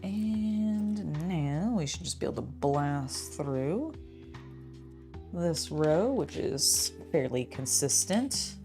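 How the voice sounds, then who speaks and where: A young woman with a low, deep voice chats loosely as she builds LEGO, rambling with plenty of "like" and "um" and cooing at her cat now and then. Soft music plays faintly behind her. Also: expressive, slow pace. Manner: chatty and rambling, talks to her cat, many fillers. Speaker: LEGO builder and channel host. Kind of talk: casual building vlog chat.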